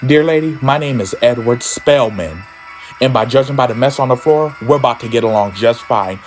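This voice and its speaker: A man voicing a cunning warlock father who has taken over a teenage boy's body, speaking in a smooth, creepy, mock-polite way. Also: mid-range voice, normal speed, soft background music, close to an everyday voice. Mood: courtly.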